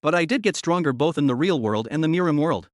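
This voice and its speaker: A man narrating a comic story recap in a rushed, even storytelling manner. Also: on the high side, no echo, clean studio sound.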